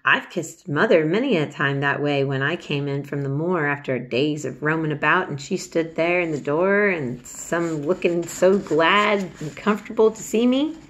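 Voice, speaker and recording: A woman voicing a gentle, patient country boy who speaks softly in Yorkshire dialect. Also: sits low, moderate pace, few pauses. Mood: fond. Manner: hushed, soft-spoken.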